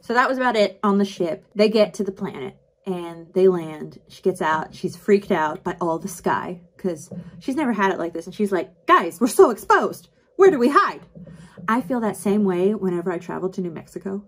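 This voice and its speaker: A woman's voice: fairly low pitch, normal speed. Chatty woman, book recap, makeup vlog, lots of fillers, acts out quotes. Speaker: book vlogger. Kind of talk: casual book recap while doing makeup.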